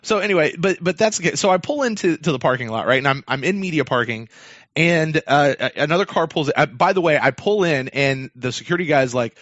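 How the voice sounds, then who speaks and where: Expressive and brisk, a slightly high male voice with a fairly bright tone carries a long, rambling story on a sports podcast, packed with fillers and restarts. The sound is dry and dull, lo-fi, without any echo.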